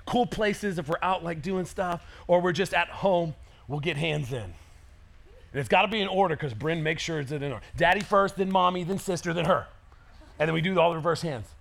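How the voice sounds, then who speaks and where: A man in his thirties preaching a sermon as pastor, energetic and conversational, acting out quotes. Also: a little high, fairly quick, vocal fry.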